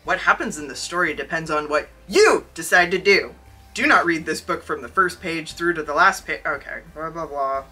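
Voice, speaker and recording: Lively husky podcast storyteller. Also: mid-range voice, moderate pace, poor audio. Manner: wry, jokey asides. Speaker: podcast co-host reading a story. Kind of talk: casual chat and reading aloud.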